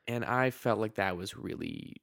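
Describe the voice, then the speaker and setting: A man's voice: fairly low pitch, normal speed, vocal fry, a bit bright, no room sound, studio quality. A man co-hosting a casual film podcast, blunt and swearing as he picks a movie apart. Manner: blunt, swears, mock-quotes characters. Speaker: podcast co-host. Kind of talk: casual film review chat.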